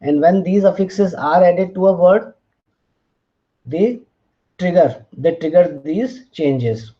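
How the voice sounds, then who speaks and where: Teaching linguistics, a man speaks in a warm voice that sits high, moving slow and deliberate through examples. Letters get spelled out, and "fine" and "uh" come up often as he checks in. The recording is lo-fi and a bit dull.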